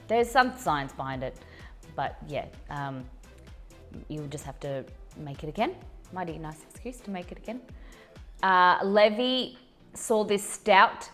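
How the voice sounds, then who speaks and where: A woman hosting a casual live cooking stream, reading out viewer messages in a chatty, rambling way and laughing at her own slips. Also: low voice. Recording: faint music in background.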